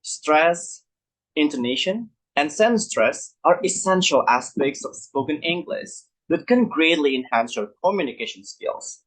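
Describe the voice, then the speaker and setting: A man presenting a lesson on English pronunciation, repeating example words slowly and asking listeners if they follow. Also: a little high, expressive, fairly bright tone, rough recording. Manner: asks listeners rhetorical check questions. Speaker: student presenter.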